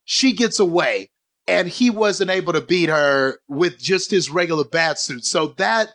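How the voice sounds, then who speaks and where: A man, talking through a movie scene in a casual podcast chat, animated and rambling. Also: on the high side, a little slow. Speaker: podcast co-host.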